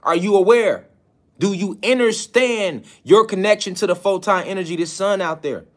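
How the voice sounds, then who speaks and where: A man's voice: high voice, normal speed. A man giving a preaching-style spiritual lecture, hammering his points with repeated phrases and rhetorical questions. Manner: repeats key phrases for emphasis.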